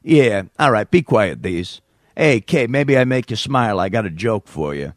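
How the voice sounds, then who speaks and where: A man's voice: on the low side, very animated, moderate pace, dry recording, studio quality. A man voicing a smarmy, pushy male caller with a New York accent who keeps hitting on a radio host.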